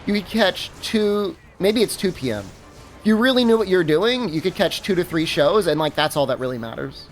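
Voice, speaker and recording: Rambling streamer with a lively voice. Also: medium pitch, moderate pace, soft background music. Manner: rambling, many fillers and restarts, laughs at own stories. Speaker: game streamer. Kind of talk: casual livestream chat while gaming.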